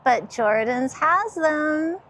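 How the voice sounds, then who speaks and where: Unhurried, high-pitched woman vlogger, enthusiastic and giggly, recorded outdoors on a handheld camera. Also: lively intonation, fairly bright tone. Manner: gushing, enthusiastic, quick to laugh. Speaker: garden vlogger. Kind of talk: casual walk-through vlog. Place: outdoor garden center.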